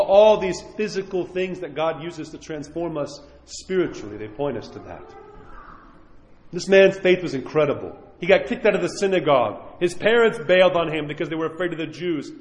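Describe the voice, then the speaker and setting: High-voiced male priest in an echoey hall. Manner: conversational, emphatic, acts out quoted voices. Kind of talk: sermon. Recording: echoey hall, long reverb.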